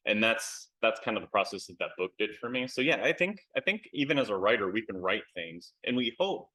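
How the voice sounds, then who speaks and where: American guy, lowish bright voice, chatty and candid, lots of ums, video call interview. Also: sing-song, a little fast, rough recording. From United States. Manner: candid, lots of fillers and repeated words. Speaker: author, interview guest. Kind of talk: casual interview chat.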